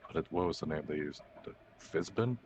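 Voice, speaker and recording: A man playing his character in a tabletop game, calm and matter-of-fact. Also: extremely low pitch, brisk, lo-fi sound, slight background noise. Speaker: player. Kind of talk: in-character tabletop role-play.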